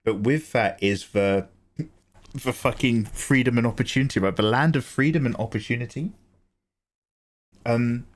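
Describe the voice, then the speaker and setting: An English man chatting casually on an art livestream, talking in a rambling, sweary, tangential way. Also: lowish voice. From England.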